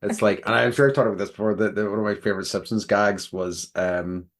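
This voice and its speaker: A man's voice: lowish voice, steady tone, fast talker. A man, co-hosting a podcast in loose, rambling casual chat and laughing easily. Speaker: podcast co-host.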